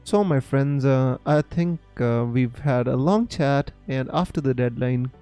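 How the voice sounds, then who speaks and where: A man's voice: mid-range voice, dark tone, clean tone, faint music behind. Indian man chatting on a live stream. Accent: Indian English. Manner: chatty, halting, many fillers, reads viewer comments aloud. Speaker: fantasy football streamer. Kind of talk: casual live-stream chat.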